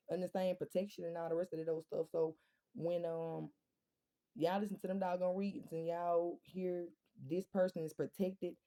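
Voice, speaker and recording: A woman's voice: on the low side, mellow. A woman, talking straight to her viewers in a casual monologue, blunt and profane, firing off rhetorical questions. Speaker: vlogger.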